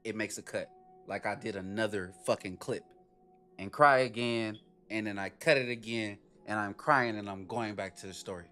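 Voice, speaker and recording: A man's voice: moderate pace, sharp tone, soft background music. Blunt, profane man reacting to clips. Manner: blunt, profane, incredulous, often mimics in a high voice. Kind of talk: casual reaction commentary.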